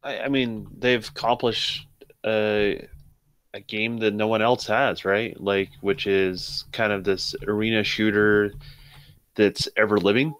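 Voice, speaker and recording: A man speaks in a measured, thoughtful way on a gaming chat panel, hedging his views. His voice is fairly low and steady. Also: smooth, dry recording.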